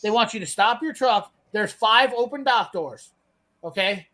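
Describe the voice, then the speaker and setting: A man's voice: sits high, expressive, unhurried, pushed and bright, rough recording. A man, ranting profanely and bluntly as he tells a work story in casual chat. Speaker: host telling a work story.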